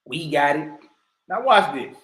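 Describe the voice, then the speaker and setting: A man hosting a livestream, giving animated, mocking commentary full of slang and laughter. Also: a little high, measured pace, roomy sound. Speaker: livestream host.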